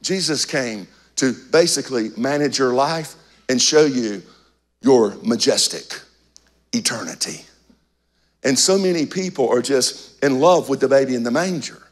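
A man preaching a sermon as pastor, slow and emphatic, with dramatic pauses and some lines dropped almost to a whisper. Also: mid-range voice, expressive.

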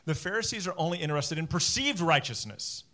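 A pastor in his forties delivers a sermon, talking to the congregation in a loose, animated way. His voice sits a little higher than most men's. He often breaks off for quick asides. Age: 40s. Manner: conversational, animated preaching with asides.

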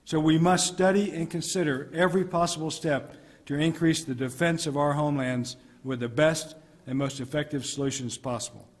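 Middle-aged American military commander, formal address, deliberate emphasis, reverberant hall. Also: male voice, on the high side, fairly even intonation. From United States. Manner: measured, emphatic delivery with deliberate pauses. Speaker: military commander giving a speech. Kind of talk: formal prepared speech. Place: ambassador's residence reception hall.

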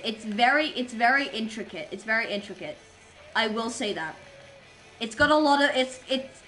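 A woman's voice: on the high side, pushed and bright. A young adult woman streamer chatting casually while gaming, rambling and silly as she goes. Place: home streaming setup.

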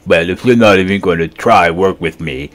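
A man voicing a big, scruffy boy monster who slurps and whines his lines slowly. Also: low voice. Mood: grumbling. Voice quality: slurping, whiny.

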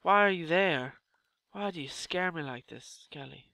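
A young man giving loud, exasperated Let's Play commentary with swearing outbursts. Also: a little high, unhurried, creaky, no room sound. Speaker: gaming YouTuber.

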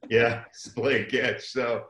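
A man's voice: medium pitch, flat delivery, takes it slowly, a bit bright. An older man, a former pro football player, telling a rambling, self-deprecating story as a guest. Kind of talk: casual storytelling. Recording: roomy echo.

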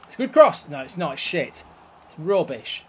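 A man commenting live on a football video game, swearing and reacting loudly to each play. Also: fairly high pitch, very animated, normal speed, breathy edge. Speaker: YouTube gaming host.

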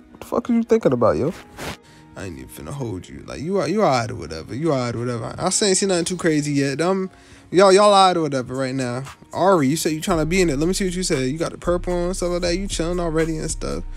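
A young man with a somewhat high, very lively voice that swings up and down, riffing bluntly in loose slang as he rates viewers' avatars. His delivery is jokey and unfiltered, packed with casual tags. Faint music plays underneath. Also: quick pace. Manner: slangy, joking and blunt, with many filler tags. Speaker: YouTuber rating viewers' avatars. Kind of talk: casual reaction commentary.

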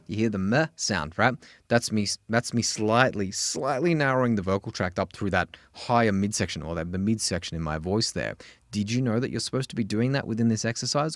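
A man with an Australian accent teaching a singing lesson, chatty and animated, breaking into sung examples. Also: brisk, no echo. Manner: chatty, animated, jumps into high sung demos. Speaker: vocal coach.

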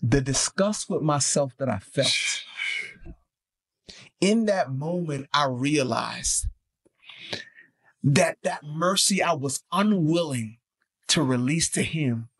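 A man co-hosting a faith podcast, mixing emphatic preaching with animated, slangy storytelling. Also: on the high side, slow, pauses often, slightly rough. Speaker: podcast co-host.

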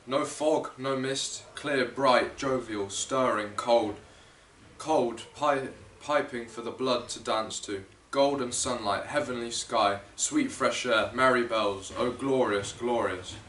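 A young man in his late teens reading a classic story aloud in a steady, measured way, from a distance in an echoey room. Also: mid-range voice, a little hiss or hum. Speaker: student reader. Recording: echoey room, distant mic, faint ambience.

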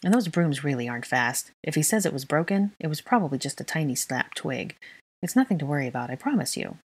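A woman voicing a calm, reassuring young father in a storybook reading, soft and soothing. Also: sits low, fast, husky, heavily acted. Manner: gentle and soothing.

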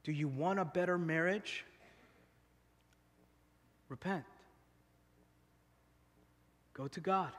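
Bright-voiced pastor in a reverberant hall. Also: male voice, a little high, unhurried, long pauses. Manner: casual, animated, laughing often. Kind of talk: sermon with personal storytelling. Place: church stage.

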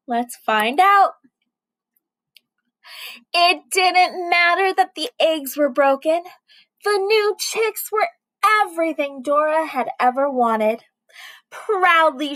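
High, bright woman reading a children's story. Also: no room sound, poor audio. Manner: animated, with gasps and questions to listeners. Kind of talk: children's story read-aloud.

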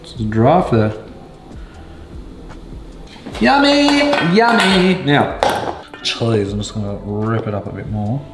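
A young man cooking in his home kitchen, talking in a casual, excitable, sweary way. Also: lowish voice, moderate pace. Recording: echoey kitchen with music behind.

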